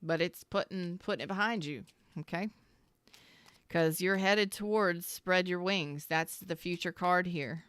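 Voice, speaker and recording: A tarot reader gives a casual, heartfelt reading straight to the listener, earnest and emotional, often repeating herself and swearing now and then. Her voice is lowish, slightly bright, and smooth, with an unhurried pace and no room sound.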